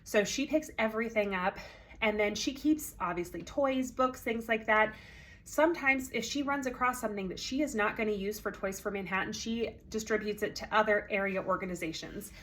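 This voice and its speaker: A woman's voice: mid-range voice, brisk, a bit bright, a little hiss or hum. A woman organizing a consignment sale, talking casually to sellers, with many ums, a little congested and out of breath. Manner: chatty, friendly, many ums.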